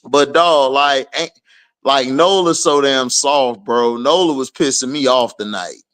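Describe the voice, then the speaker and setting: Male streamer, unhurried delivery, casual trash-talking game commentary with frequent laughs. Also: medium pitch, clean tone. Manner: slangy, laughing, animated trash talk. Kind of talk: casual live watch-along commentary.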